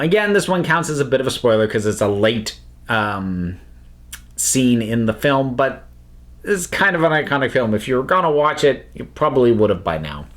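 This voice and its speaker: A man hosting his own film video, talking in casual commentary that is expressive and halting, with many restarts. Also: mid-range voice. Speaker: YouTube host reviewing films.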